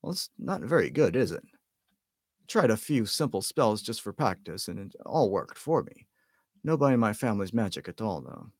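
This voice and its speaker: A man's voice: fairly low pitch, sing-song, no room sound, studio quality. Hermione Granger, bossy schoolgirl read by a man. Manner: fast, prim, lecturing. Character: bossy know-it-all schoolgirl witch.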